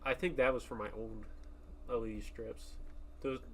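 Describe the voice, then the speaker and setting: A young man hosting a podcast in casual chat, crude and swearing, with loud outbursts. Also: mid-range voice, steady tone, moderate pace. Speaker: podcast host.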